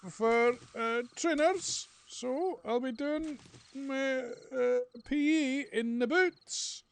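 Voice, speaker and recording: A man's voice: very high-pitched, drawn-out words, creaky, clean tone, voice pushed up, exaggerated voice. A man doing a poor pleading schoolboy.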